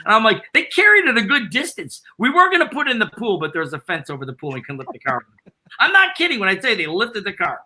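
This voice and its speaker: A middle-aged man, a band founder, excitedly rambling through road anecdotes as a guest in a casual interview. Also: sits high, fast talker, slight background noise. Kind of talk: casual storytelling.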